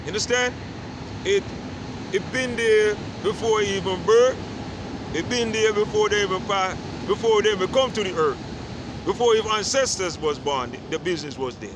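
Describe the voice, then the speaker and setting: A man's voice: high-pitched, normal speed. A man who grew up on a Caribbean island, talking to the camera in a casual monologue and asking "you understand?" again and again. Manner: repeats "you understand?" often. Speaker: vlogger. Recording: faint street noise outdoors.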